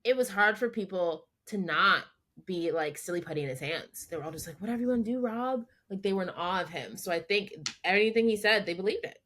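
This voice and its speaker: A woman's voice: fairly low pitch, a little fast, pushed and bright. A woman co-hosting a podcast in casual, opinionated chat. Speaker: podcast co-host.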